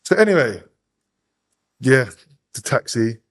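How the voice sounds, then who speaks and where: A man's voice: mid-range voice, very animated, slow. A man, a podcast guest telling a hard personal story in blunt, profane street slang. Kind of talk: candid storytelling interview.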